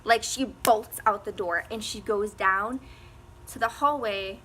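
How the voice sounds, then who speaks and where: A woman's voice: mid-range voice, measured pace, pushed and bright, slight background noise. A teenage girl telling a casual storytime, rambling with lots of fillers and frequent laughs. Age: teens. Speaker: vlogger.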